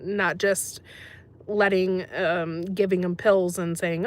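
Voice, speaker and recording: Steady and slow with a fairly low pitch, an American livestream host reads her viewers' comments aloud in casual chat. She's talkative and sympathetic, with frequent ums.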